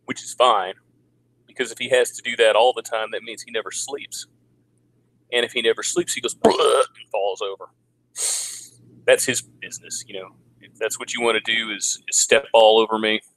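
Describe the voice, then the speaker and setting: A man in his forties ranting in a casual livestream, crude and sarcastic, now and then mocking people in a high put-on voice. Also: fairly even intonation, normal speed, fairly bright tone, low-quality recording. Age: 40s. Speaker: vlogger. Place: home in the Philippines.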